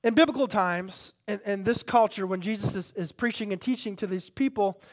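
A male pastor preaching with a notably high voice. He moves from quiet, low passages to loud, fervent peaks, calling questions out to his congregation. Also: fairly quick. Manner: impassioned, swings from hushed to loud, calls out to the congregation. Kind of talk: sermon.

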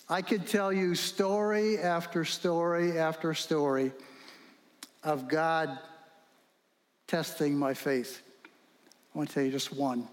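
A man's voice: on the high side, steady tone, slow, pauses often. A male pastor preaching a sermon, telling stories animatedly and firing rhetorical questions. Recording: long reverb in a hall.

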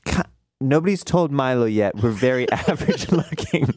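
A man playing an earnest young man who pitches a show in a polite, halting way. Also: expressive, a little mellow, dry recording, clean studio sound, close to an everyday voice. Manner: polite, hesitant salesman patter.

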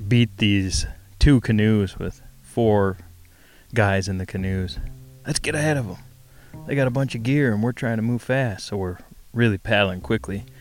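A man hosting a podcast, telling a story and interviewing people outdoors at a wilderness lake in a relaxed, brisk way. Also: fairly low pitch. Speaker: podcast host.

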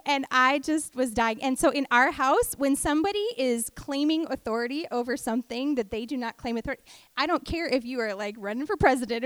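A middle-aged woman teaching a devotional message in a high, bright-toned voice. She is an animated storyteller with lots of energy, recorded dry and close with no room sound. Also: dry recording. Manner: animated storyteller who acts out family voices. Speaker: women's ministry teacher.

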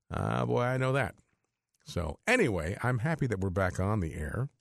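A middle-aged man hosts a radio program at a studio mic, with a slightly low, gravelly voice. He rambles in a chatty way and laughs softly between thoughts. The sound is dry and close. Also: animated, normal speed, no room sound. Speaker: radio host. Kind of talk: casual on-air talk. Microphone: studio microphone.

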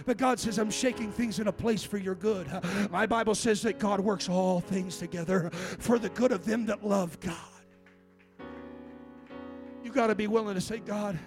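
Male pastor, very high voice, fervent sermon delivery with "uh" fillers, faint instrument underneath. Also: steady tone, moderate pace, soft background music. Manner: emphatic preaching, filler "uh" between phrases.

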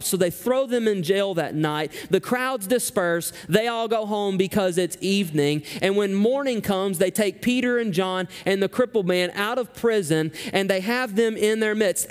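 High-voiced man preaching in a big hall. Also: smooth. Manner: emphatic preaching, rises high when reading scripture. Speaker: pastor. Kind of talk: sermon.

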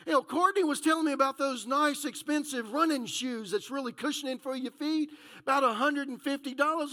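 A man pastor preaching a sermon, telling a story and acting out the dialogue with animated delivery. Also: very high-pitched, fairly quick.

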